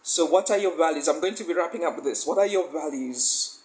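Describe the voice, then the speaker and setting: A woman's voice: deep voice, fairly quick, darkish tone, rough recording. A woman life coach giving a faith-based motivational talk. She speaks emphatically, asks the listener questions and often breaks into laughter.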